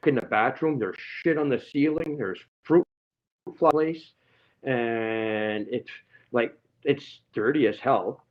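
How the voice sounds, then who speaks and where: A man's voice: mid-range voice, takes it slowly. Male guest on a livestream, rambling and profane, dull audio. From Canada. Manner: rambling, heavily profane, aggrieved. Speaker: guest telling his story. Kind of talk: casual livestream chat.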